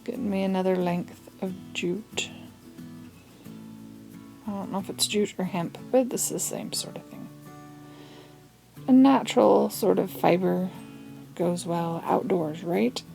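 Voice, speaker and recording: A woman talks through a craft project in a loose, chatty way, drifting into asides and small laughs. Her voice has a gravelly fry to it, and faint guitar music plays softly behind her. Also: fairly low pitch, unhurried, long pauses. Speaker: craft tutorial host. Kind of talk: casual craft tutorial.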